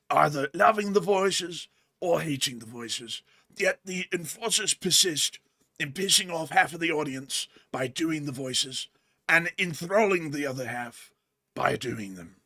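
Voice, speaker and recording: Guy doing a hushed wildlife doc narrator, slow and solemn, mock-grand. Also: on the high side, no room sound, heavily acted. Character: hushed male nature-documentary narrator.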